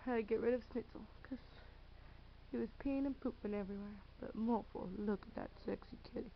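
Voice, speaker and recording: High-voiced woman cooing at her cat. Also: brisk, vocal fry, slight background noise. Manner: cooing baby talk to a cat. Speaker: cat owner filming her pet. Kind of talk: playful home video talk to a pet. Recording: dull lo-fi home camera audio.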